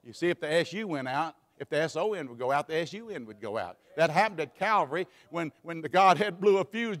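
A man preaching a sermon in a church, swinging between fervent shouts and hushed asides. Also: fairly high pitch, expressive, a little fast, hardly any pauses. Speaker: pastor. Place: church sanctuary. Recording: long hall reverb.

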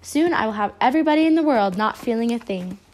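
A scheming mad scientist from a children's storybook, read aloud by a woman. He talks smoothly and with a nasty, sneering edge. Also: fairly high pitch, lively intonation, quick pace, darkish tone, close to an everyday voice. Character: scheming cold-hearted male mad scientist.

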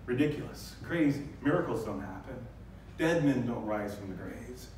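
A male pastor giving a lively sermon, acting out the scenes with sudden high bursts. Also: normal speed, a little hiss or hum. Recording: very echoey church hall, distant mic.

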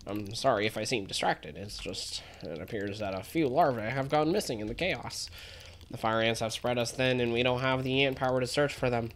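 A woman's voice: extremely low pitch, a little fast, a little hiss or hum. A woman voicing an earnest, harried worker ant who speaks formally and calls everyone comrade. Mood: worried.

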